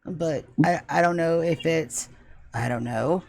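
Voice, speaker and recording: A tough warrior woman, worn down and grumbling, speaking low and rough in a tabletop game, as a woman puts her on. Her voice drops well below an everyday pitch and stays there. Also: measured pace, darkish tone, no echo. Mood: gruff. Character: tough young woman fighter, gruff and weary.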